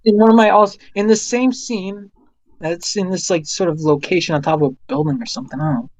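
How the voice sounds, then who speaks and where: A man's voice: high voice, fairly even intonation, quick pace, rough recording. A young man co-hosting a casual chat, rambling with lots of fillers and laughing often. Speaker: co-host. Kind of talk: casual chat about movies.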